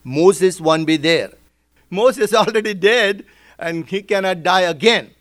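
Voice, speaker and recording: A pastor preaches a sermon as a Bible study, walking through verses step by step and posing rhetorical questions. His voice sits high and is fairly bright, and he speaks slowly.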